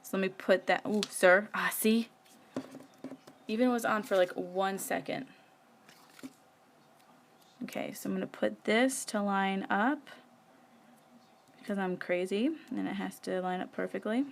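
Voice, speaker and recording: A woman's voice: medium pitch, unhurried, creaky, pauses often, slight background noise. A woman, chatting casually while she works on her planner during a live stream, rambling with many fillers. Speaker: planner vlogger. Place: home.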